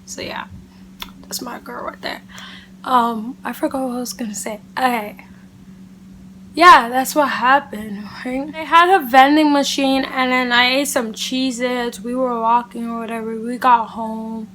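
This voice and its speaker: A woman vlogger telling a casual storytime to camera, animated and chatty, leaning on "like" and "literally". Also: a little high, measured pace, a little hiss or hum. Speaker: beauty vlogger.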